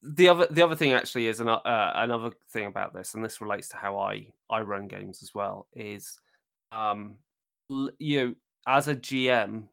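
A man co-hosts a casual podcast chat about tabletop gaming. His voice has a gravelly, creaky edge. He rambles easily, with fillers and restarts along the way. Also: fairly low pitch, normal speed, a bit bright. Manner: rambling, many fillers and self-corrections. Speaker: podcast co-host.

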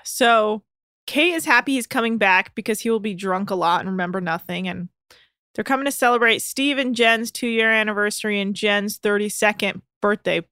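Bright-voiced woman podcast co-host. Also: medium pitch, moderate pace, clean tone, dry recording, studio quality. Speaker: podcast co-host recapping a reality show. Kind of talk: casual recap chat.

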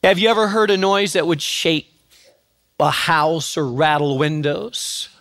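A man preaching a sermon as pastor, building dramatically and rising to shouts on repeated refrains. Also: a little high, fairly even intonation, measured pace, dry recording, studio quality.

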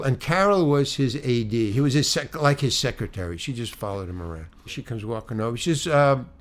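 Animated man telling a self-deprecating story. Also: mid-range voice, brisk, hardly any pauses. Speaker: stand-up comedian. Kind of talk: anecdotal storytelling.

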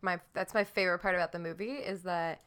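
A woman's voice: fairly low pitch, fast, clear, resonant tone. A young woman, a podcast guest, chatting casually and telling stories with lots of giggling. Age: young adult. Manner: giggly, animated storytelling. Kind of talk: casual chat.

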